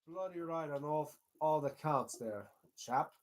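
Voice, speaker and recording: Man doing a cheesy posh Brit gent, overdone accent, bit high. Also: unhurried, natural voice. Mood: hearty. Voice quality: exaggerated posh British put-on accent. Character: jolly mock-British gentleman, man.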